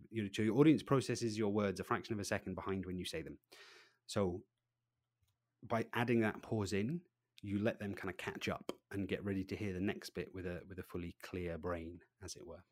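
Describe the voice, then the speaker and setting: A man giving an interview about his training work, lively, acting out little voices and swinging between loud and quiet. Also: on the low side, moderate pace, dry recording, studio quality. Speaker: presentation trainer, guest. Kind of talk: animated podcast interview.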